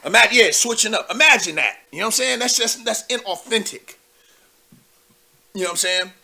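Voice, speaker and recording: A man's voice: high-pitched, expressive, fairly quick, gravelly, pushed and bright. A young man hosting a live call-in show, commenting loosely with lots of fillers and asides to viewers. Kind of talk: casual political commentary.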